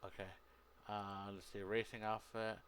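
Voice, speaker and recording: Talking at a normal pace in a level tone, a man with a lowish voice rambles to his stream chat while playing a racing game, regularly stopping to fix what he said. He uses a headset, there's a little hiss or hum, and the game's engine noise is loud underneath.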